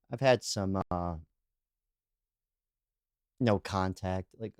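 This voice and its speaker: In a dry, clean studio recording, a man with a fairly low, darkish voice hosts a solo podcast. An adult who claims to be too old, he rambles loosely and candidly through read-out comments, leaning on "you know" and "like," and laughs as he tells anecdotes.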